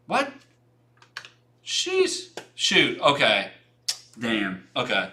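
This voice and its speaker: A man's voice: medium pitch, wildly swooping pitch, extremely slow, pushed and bright. A young man hosting a design livestream, giving frank, rambling portfolio feedback with many restarts and some casual swearing.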